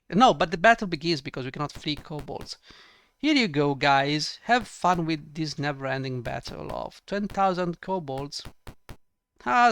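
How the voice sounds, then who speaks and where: Exasperated gravelly man ranting over gameplay. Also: on the high side, a bit bright, no echo. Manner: exasperated, sarcastic, swears often. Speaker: let's play gamer.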